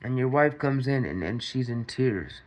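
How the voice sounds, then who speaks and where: A man's voice: medium pitch, lively intonation, moderate pace. A man hosting a commentary monologue, repeating himself and throwing rhetorical questions at his viewers. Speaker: commentary channel host.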